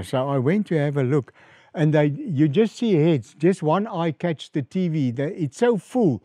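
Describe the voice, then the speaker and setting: A man's voice: no room sound, clean studio sound. A middle-aged man with a South African accent, a pastor telling stories from his mission work in an interview, acting out the voices of people who phoned him. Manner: animated storyteller, rises in pitch and volume acting out quoted calls. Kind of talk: storytelling in an interview.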